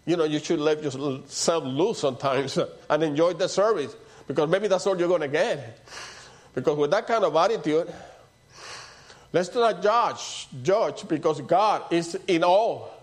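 A man preaching a sermon in a conversational way, dropping to soft low asides and rising for emphatic points. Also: unhurried. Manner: conversational preaching with repeated "you know" and "see".

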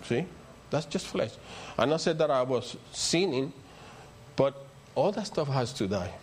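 A man's voice: mid-range voice, animated, a little slow, slight background noise. An older man with a Spanish accent, a native Spanish speaker, preaching a rambling, story-filled sermon that builds to emphatic peaks. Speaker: pastor.

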